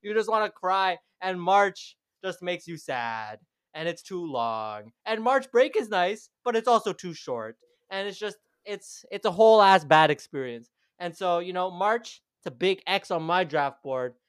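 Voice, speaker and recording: A young man argues in a heated, sarcastic rant and drops the odd swear. His voice sits high for a man. It is recorded close and dry. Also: animated, unhurried, smooth, dry recording. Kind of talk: casual chat.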